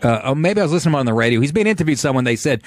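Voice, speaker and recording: Man, radio host, lively up-and-down voice, dry close mic, joking. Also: medium pitch, rapid-fire, no echo. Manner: loose and joking, laughs often. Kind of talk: casual call-in radio chat.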